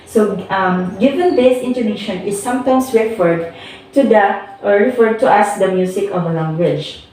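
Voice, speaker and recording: Young female student teacher, slow and repetitive delivery, distant mic, heavy room echo. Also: medium pitch, darkish tone. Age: young adult. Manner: explains slowly, repeats words for emphasis. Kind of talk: classroom teaching demonstration. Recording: echoey room from far off, faint noise.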